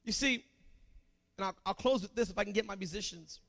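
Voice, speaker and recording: A man preaching a sermon in an animated, emphatic way, firing off rhetorical questions at the congregation. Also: high voice, normal speed, pauses often.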